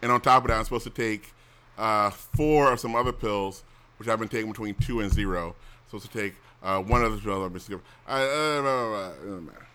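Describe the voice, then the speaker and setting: Blunt, bright-voiced man ranting. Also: lowish voice, fairly quick, clear, resonant tone. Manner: blunt, complaining, profane, with restarts. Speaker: show host. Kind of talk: casual rambling chat.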